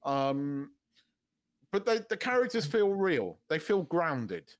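A man's voice: on the high side, sing-song, slow. A man co-hosting a podcast in casual chat, rambling and swearing freely, stumbling over restarts and laughing often. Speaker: podcast co-host.

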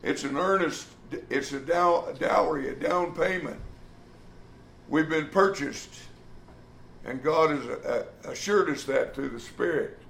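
A man's voice: a little high, a little slow, vocal fry, a bit bright, slight background noise. A man preaching a sermon, emphatic, acting out the quoted speech of others and sometimes restarting a phrase. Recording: echoey room.

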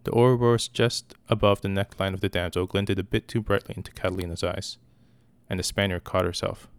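A man giving a steady, measured scripted narration of a story with a gravelly voice. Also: low voice, no room sound. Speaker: audiobook reader.

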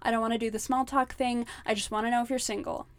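A woman's voice: on the high side, steady tone, quick pace, close to an everyday voice. A woman putting on a smug, dismissive young man's voice to mock a romance hero.

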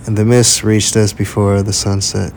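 A man co-hosting a casual podcast with his partner, relaxed and slangy. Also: on the low side, a little hiss or hum. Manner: slow, laid-back, slangy. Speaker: podcast co-host. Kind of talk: casual travel podcast chat.

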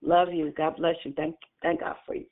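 A woman's voice: on the low side, big pitch swings, gravelly. Woman hosting a prayer call by phone. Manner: warm, quick to bless callers. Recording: phone line.

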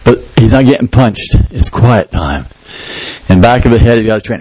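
A male pastor preaching a sermon in church, telling a story with lively, shouted sound effects. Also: fairly high pitch, brisk, no room sound, poor audio.

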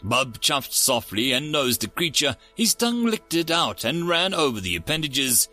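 A man narrating a story aloud in an expressive, animated audiobook reading. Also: a little high, moderate pace, soft background music.

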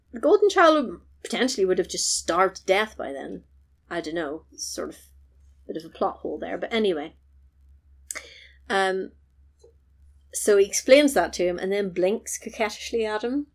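A woman, retelling a film in casual chat, animated and quick to laugh. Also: medium pitch. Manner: animated storytelling, laughs often. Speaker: podcast host recapping a film.

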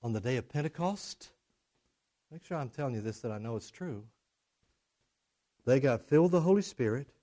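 A middle-aged man preaching a sermon, swinging from loud, emphatic declarations to low, hushed drama. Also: lively intonation, moderate pace, pauses often. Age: middle-aged or older.

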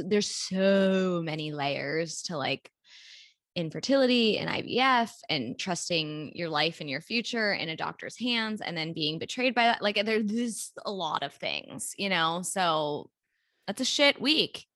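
Woman podcast co-host. Easygoing and encouraging, with a bright voice. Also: fairly low pitch, animated, a little slow, no room sound, clean studio sound. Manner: supportive, casual, uses filler "like". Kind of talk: casual chat.

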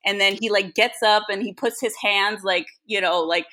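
A woman with a bright, forward voice sits at the mic as a podcast co-host. She tells her story in loose, casual chat, swearing freely and speaking without a filter. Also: medium pitch, fairly even intonation, moderate pace. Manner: candid, profane storytelling.

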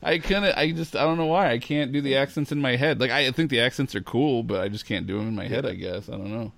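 A man's voice: medium pitch, fast talker, creaky, fairly bright tone, dry recording. A man hosting a casual chat, talking with enthusiasm and laughing easily. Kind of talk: casual chat about comics.

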